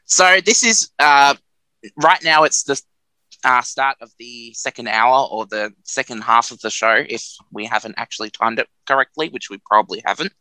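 A man's voice: mid-range voice, normal speed, sharp tone, dry recording, low-quality recording. A man co-hosting a community radio show, chatting casually in a rambling, self-mocking way and laughing at his own jokes.

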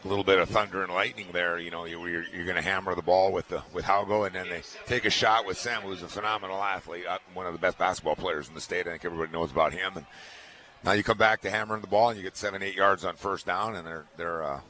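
A man's voice: sits low, steady tone, fast, pushed and bright. A man giving color commentary on a radio football broadcast, conversational and often repeating words as he thinks aloud. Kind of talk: radio sports analysis.

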